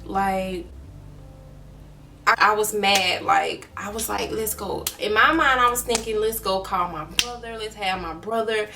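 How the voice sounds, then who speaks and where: A woman's voice: medium pitch, unhurried, recorded from a distance, noisy background. A young woman from Alabama telling an emotional storytime to her viewers, talking straight to them. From Mobile, Alabama. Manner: earnest, emotional retelling, addresses viewers as y'all. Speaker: vlogger. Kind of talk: storytime vlog.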